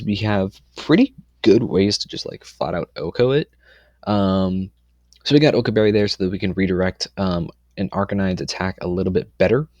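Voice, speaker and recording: A young man casually explains his competitive team for a video, confident but rambling, full of "um"s and quick self-corrections. His pitch is fairly low, with no room sound.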